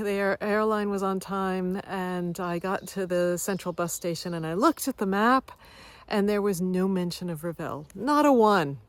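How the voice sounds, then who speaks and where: A woman coach sharing a personal story in a reflective way, growing lively as she relives moments. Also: medium pitch, moderate pace, no echo. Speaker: wellness coach. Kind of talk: personal story told to camera.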